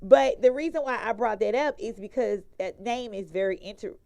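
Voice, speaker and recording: Woman host, chatty and relaxed; higher voice, easy laughs. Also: normal speed, gravelly. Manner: chatty, loose, laughs easily. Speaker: show host. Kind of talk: casual live interview.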